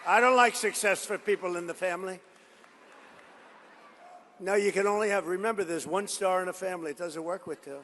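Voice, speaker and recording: A man's voice: high-pitched, fairly quick, pauses often, a bit bright, a little hiss or hum. A man giving a rally speech, rambling into stories and boastful asides and repeating his points for emphasis. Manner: repetitive, emphatic phrasing. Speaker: politician addressing a rally. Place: large event venue. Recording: long hall reverb from a big venue.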